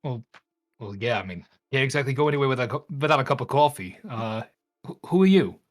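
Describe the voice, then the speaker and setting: A man's voice: medium pitch, expressive, fast talker. Hesitant man playing a tabletop game. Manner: hesitant, many fillers and stammers. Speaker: player.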